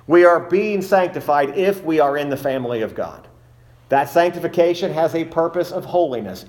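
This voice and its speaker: A man preaching an expository sermon in a measured, emphatic way, slowing down to stress key phrases. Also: a little high.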